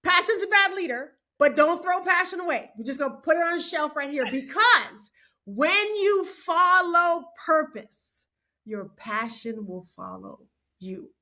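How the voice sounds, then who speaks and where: A middle-aged woman speaks on a faith podcast with a high, ringing voice. She is expressive and preacherly, and she laughs easily between her points. Her tone is bright and forward. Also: unhurried. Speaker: guest speaker. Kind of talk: animated podcast conversation.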